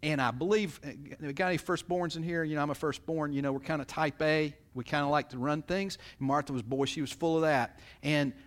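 A man's voice: fairly even intonation, fairly quick, hardly any pauses. A man preaching a sermon in a folksy, conversational way, often acting out what people say. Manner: folksy, conversational, acts out quotes with swings in pitch and loudness. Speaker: pastor.

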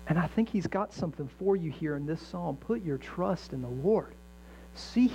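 A man's voice: a little high, lively intonation, normal speed, vocal fry, mellow. A middle-aged man preaching a sermon as a pastor, earnest and conversational, mixing jokes and acted-out inner voices. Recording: dull lo-fi sound with faint mains hum.

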